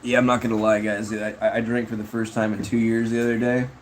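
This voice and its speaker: A man's voice: fairly low pitch, little pitch movement, quick pace, slight background noise, rough recording. A man chatting casually on a livestream, reading chat in a rambling, slangy way with frequent laughs.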